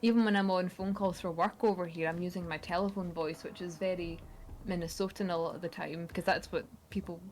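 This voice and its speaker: A woman from Scotland with a Scottish accent softened by American, chatting enthusiastically as a guest author. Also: lowish voice, steady tone, brisk, slight background noise. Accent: Scottish, with American mix. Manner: enthusiastic, rambling. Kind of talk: casual chat.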